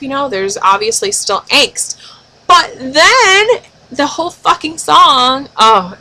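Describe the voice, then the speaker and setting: A woman's voice: medium pitch, bright, forceful tone, a little hiss or hum, rough recording. A young woman vlogger, emotional and gushing, swearing for emphasis as she breaks down song lyrics in casual talk.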